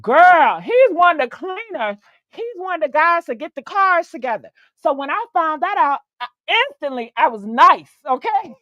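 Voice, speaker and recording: A woman hosting a stream, telling a story in a chatty, animated way, swearing freely and calling the listener "girl.". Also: high voice, normal speed, no echo, dull audio. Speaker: host. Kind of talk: casual storytelling on a live stream.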